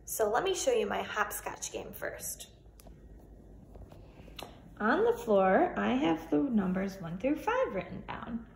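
A woman teaching young children to count syllables. She is cheerful and encouraging, and she stretches words out slowly as she counts their syllables, recorded on a phone she holds in her hand. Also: mid-range voice, creaky, a little hiss or hum. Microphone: phone held in hand. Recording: echoey room with faint ambience.

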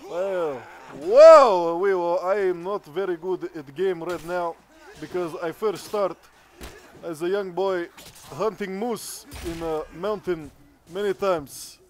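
A man's voice: high-pitched, takes it slowly. A man putting on a Siberian gamer with broken English. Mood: boastful. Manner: broken English, swearing, excitable. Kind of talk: comedic gaming character bit.

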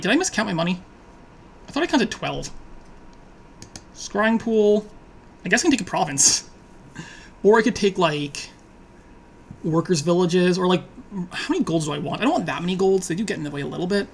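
A woman's voice: lowish voice, lively intonation, moderate pace, creaky, pauses often, a little hiss or hum. Woman musing aloud over a card game. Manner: talks to herself, swings from quiet musing to loud laughing outbursts; swears and pleads at the game. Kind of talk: thinking aloud while playing an online card game.

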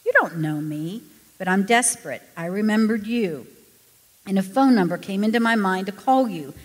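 A woman's voice: mid-range voice, expressive, normal speed, in a large hall, pitched above the performer's own voice, close to an everyday voice. A woman reading aloud and voicing a desperate, tearful woman calling a stranger, speaking nervously and pleadingly.

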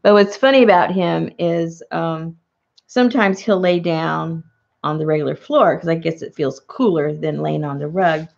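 Chatty middle-aged lady with a low gravelly voice, laughs a lot, dull lo-fi home recording. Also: normal speed, a little mellow. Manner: chatty, laughs often, rambling asides. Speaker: crafting vlogger. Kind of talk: casual chat while crafting.

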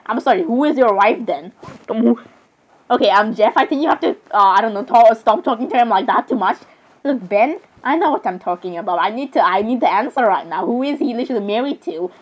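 A woman's voice: a little high, lively intonation, a little fast, husky. A young woman giving rambling, giggly commentary while playing a game, with frequent fillers and asides. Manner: rambling, giggly, says "literally" constantly. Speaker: gamer. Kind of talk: casual gameplay commentary.

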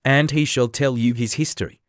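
A man's voice: medium pitch, steady tone, normal speed, dry recording, studio quality, lightly acted. A man voicing a furious, domineering queen in a commanding manner. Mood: imperious. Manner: commanding, shouting.

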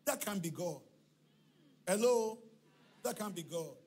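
High-voiced animated male preacher. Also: measured pace, breathy edge. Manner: animated storytelling preacher, acts out dialogue, shouts and chants. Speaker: pastor. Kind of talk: sermon. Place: church hall.

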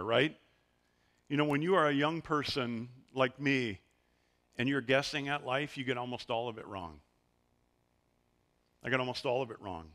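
A man's voice: medium pitch, normal speed, long pauses, fairly bright tone. A middle-aged man preaching a sermon as a pastor, telling stories with animation and acting out the voices he quotes. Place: church sanctuary.

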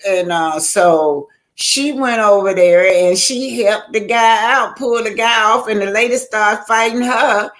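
A woman's voice: medium pitch, a little slow, few pauses, a bit bright. An older woman, hosting a casual livestream, chatting and greeting viewers by name in a loose, rambling way. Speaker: YouTube livestream host.

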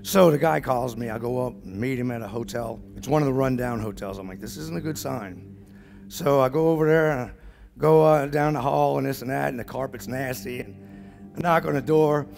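A man speaking at a business summit, telling a story to the audience in an animated way and acting out what everyone in it said. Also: mid-range voice, brisk, creaky, soft background music. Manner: animated, acts out the dialogue of the people in his story.

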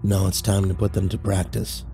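A man voicing a stern, aging male priest mentor with a gravelly voice, low and commanding. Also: level tone, normal speed, mellow, faint music behind. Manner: stern, commanding, dry chuckle.

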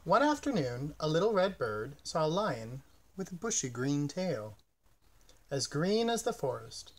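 A man reads a children's picture book aloud, gentle and expressive, his voice a little high and his delivery unhurried.

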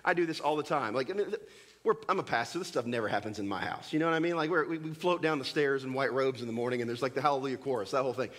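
A man preaching a sermon as pastor, animated and joking, acting out little scenes for his congregation in a church. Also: mid-range voice, racing. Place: church sanctuary.

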